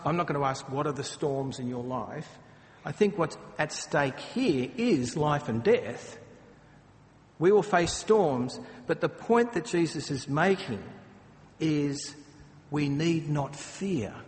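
A man preaching a sermon, speaking earnestly and slipping into dramatic acted quotes. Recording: long hall reverb, faint rumble.

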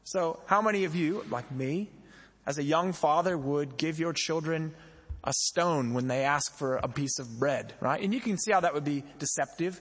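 A man's voice: on the high side, moderate pace, a bit bright, husky, big-room sound. A young man preaching a sermon as a pastor, talking in a conversational way and putting questions to the congregation. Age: young adult.

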